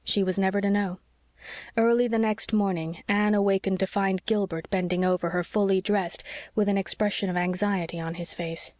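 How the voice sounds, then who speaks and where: A woman narrating an audiobook in a calm, measured way. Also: medium pitch, dry recording, studio quality. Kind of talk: scripted narration.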